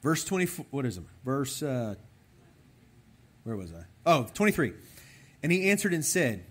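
Young male preacher, husky, highly animated delivery that swings up and down, talks straight to the men in the room. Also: moderate pace, long pauses. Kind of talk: conversational sermon.

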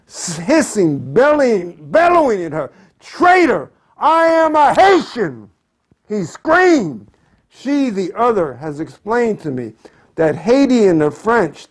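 Slow, dramatic man reading poetry. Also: high-pitched. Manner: dramatic, impassioned delivery with sudden loud outbursts. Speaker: poet. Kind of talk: reading his own poetry aloud. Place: poet's home.

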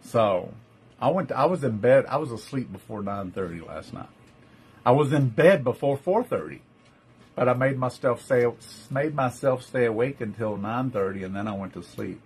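A man's voice: mid-range voice, animated, moderate pace, darkish tone, husky. A man with a Texan accent hosting a live-stream jewelry sale, chatty, greeting viewers by name and calling them love. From Texas. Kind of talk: live-stream sales chat.

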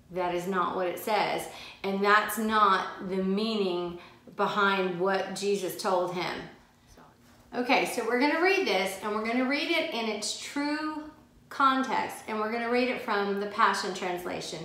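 A woman's voice: medium pitch, a little slow, bright, forceful tone. A woman teaching a Bible study, reading scripture aloud and stressing key phrases with emphatic repetition. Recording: very echoey room.

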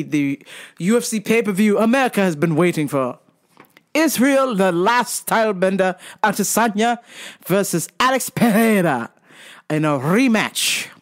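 A woman hosting her own show, delivering a profane comedic rant. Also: medium pitch. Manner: profane, animated ranting. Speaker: vlog host.

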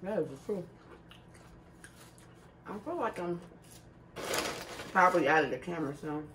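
A woman in her thirties with a lowish voice and lively intonation chats casually at a moderate pace during a mukbang food video, laughing often and talking loose and salty. She's far from the mic, with faint noise.

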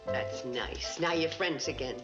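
Lively motherly peacemaker. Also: rumbling low, a little slow, loud music behind the voice. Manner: coaxing, motherly. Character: motherly hotel owner, a patient peacemaker. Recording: dull old TV soundtrack.

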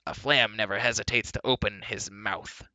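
A man doing a gruff blunt dwarf. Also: fairly low pitch, fairly even intonation, moderate pace, bright, forceful tone, no echo.

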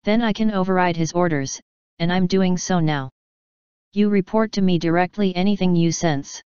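A woman's voice: on the low side, normal speed, darkish tone, smooth, dry recording, muffled recording, lightly acted. A woman voicing a stern female pony who is head of security, speaking firmly and giving orders. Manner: firm, commanding.

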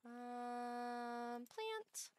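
A woman's voice: a little high, expressive, very slow, faint music behind. A young woman streaming a survival game, chatting playfully with her viewers and talking to herself as she plays. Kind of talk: casual gameplay chat.

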